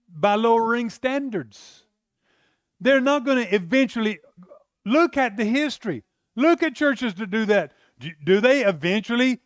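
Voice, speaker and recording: A man preaching a sermon as pastor, swinging from loud emphatic lines to soft pleading ones. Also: a little high, no room sound, studio quality.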